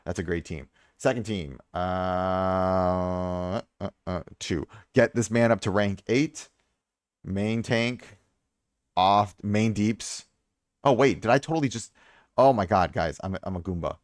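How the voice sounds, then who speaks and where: A man's voice: low-pitched, slow pace, no echo, clean studio sound. A young adult man chatting casually on a live stream, reviewing viewers' game accounts and repeating himself for emphasis.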